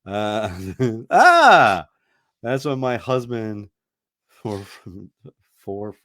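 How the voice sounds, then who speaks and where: A man's voice: on the low side, fairly even intonation, drawn-out words, darkish tone. A middle-aged man hosting a casual podcast, chatty and rambling, laughing often and restarting his sentences. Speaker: radio host.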